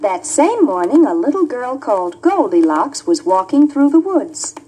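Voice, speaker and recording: A woman reading a children's fairy tale aloud in a slow, expressive, sing-song way. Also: a little high, rough recording. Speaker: storyteller. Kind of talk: storybook reading. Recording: music playing behind the voice.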